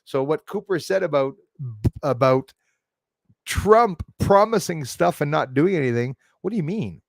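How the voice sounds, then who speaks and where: A man's voice: on the high side, lively intonation, unhurried, creaky, dry recording. A man hosting a live stream from a forest, talking casually to his chat in a blunt, profane, rambling way and laughing off critics. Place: outdoors in a forest.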